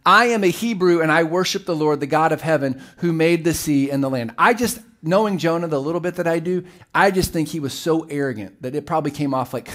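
A middle-aged man preaching a sermon as pastor, telling the story with animated, acted-out voices. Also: on the high side, fairly quick, hardly any pauses.

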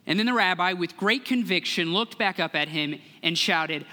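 A young man giving a sermon as a guest speaker, telling a story in an earnest, measured way and acting out the voices in it. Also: high voice, pushed and bright. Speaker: guest speaker, church relations director. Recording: long hall reverb.

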